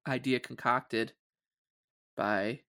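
A man speaks casually on a podcast at a middle pitch, his tone bright and forward. He answers hesitantly, pausing and searching for words as he goes. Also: fairly even intonation. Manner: hesitant, halting, lots of fillers. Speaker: podcast co-host.

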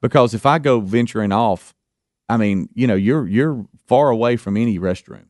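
A man hosting a live radio show, telling a story in an animated way, repeating words and acting out what people said. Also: medium pitch, moderate pace, dry recording, studio quality. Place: radio studio.

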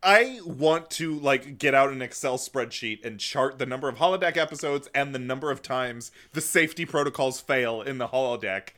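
A man's voice: mid-range voice, moderate pace, hardly any pauses, pushed and bright. A man in casual chat who gives long, eager explanations and swears casually. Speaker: podcast co-host.

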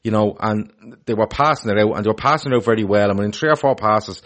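Fast-talking man, low voice. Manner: animated, opinionated, swears freely. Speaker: podcast co-host. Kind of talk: casual football chat.

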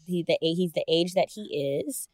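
A woman co-hosting a casual podcast chat, bubbly and quick to laugh, often trailing off mid-sentence. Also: lowish voice, darkish tone, no echo. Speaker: podcast co-host.

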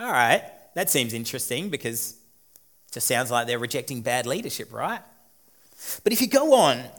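Male pastor in his thirties, high-ish voice, dynamic sermon delivery with emphatic builds. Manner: dynamic, swings from quiet to emphatic.

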